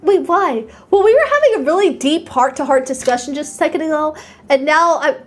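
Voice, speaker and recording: A young woman streaming live, her voice bright and high, leaping all over the place. She is excitable and quick to squeal or giggle, chatting casually with her audience. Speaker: VTuber streamer.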